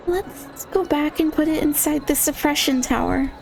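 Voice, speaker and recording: A woman reading a game character's lines aloud in an earnest, measured way. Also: high-pitched, vocal fry, darkish tone, a little hiss or hum. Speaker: streamer. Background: faint game music.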